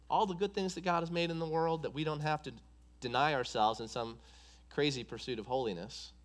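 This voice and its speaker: A man's voice: medium pitch, fairly bright tone. A man preaching a sermon, driving points home with an emphatic, repetitive cadence.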